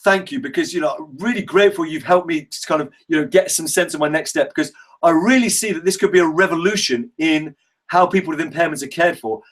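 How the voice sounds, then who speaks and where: A man's voice: a little high, fast. A man coaching a workshop group in a casual, enthusiastic way, swearing freely and acting out example conversations.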